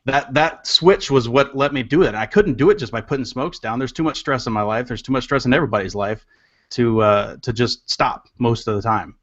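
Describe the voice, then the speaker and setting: A man's voice: mid-range voice, brisk, lo-fi sound. A man hosting a casual online show, talking in a loose, joking way with mild swearing. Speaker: show host. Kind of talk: casual chat.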